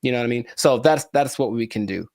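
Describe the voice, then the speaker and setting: A mid-pitched man from California talking on a podcast in a playful, theatrical way. He repeats his words for effect and slips into mock drama. The sound is dry and close. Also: quick pace, darkish tone, no room sound. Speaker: podcast co-host. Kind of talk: casual podcast chat.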